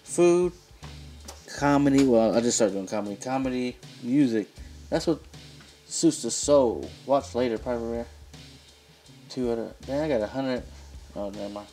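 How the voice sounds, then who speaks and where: A man's voice: medium pitch, normal speed, long pauses, dark tone, faint music behind. A man hosting a reaction video, talking casually and reading viewer comments aloud. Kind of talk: casual chat.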